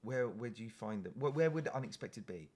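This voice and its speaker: A man's voice: mid-range voice, lively intonation, fairly quick, darkish tone. Dry, teasing man. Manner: dry teasing, hesitant restarts and ums. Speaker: podcast co-host. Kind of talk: casual comedic chat.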